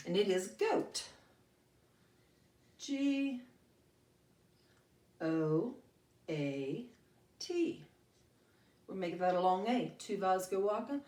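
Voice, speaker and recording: A woman teacher reads a picture book aloud and walks children through vowel sounds, her voice swooping up and down. She speaks slowly, and the room echoes around a distant mic. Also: mid-range voice. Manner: animated, expressive storytelling.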